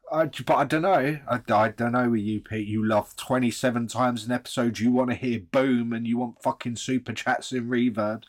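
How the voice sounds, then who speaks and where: A man's voice: medium pitch, dry recording. A man hosting a commentary show, mocking and swearing as he rambles. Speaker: host. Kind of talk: sardonic commentary.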